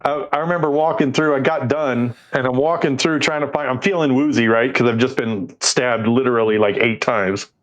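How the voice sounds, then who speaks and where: A man's voice: medium pitch, fairly quick, few pauses, muffled recording. A man co-hosting a podcast, telling a casual anecdote and acting out the people in it. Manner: animated storyteller, acts out quoted voices. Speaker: podcast co-host. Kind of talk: casual chat, storytelling.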